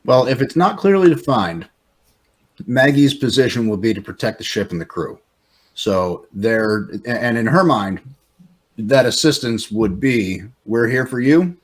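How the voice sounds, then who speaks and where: A man as a player in a tabletop role-playing game, speaking in a measured way. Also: mid-range voice, lively intonation.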